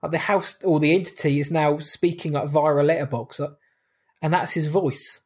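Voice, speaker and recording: Husky-voiced man recapping a film. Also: on the high side, fairly even intonation, normal speed, a little mellow. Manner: rambling, recounts plot with wry asides. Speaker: podcast co-host. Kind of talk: casual film review chat.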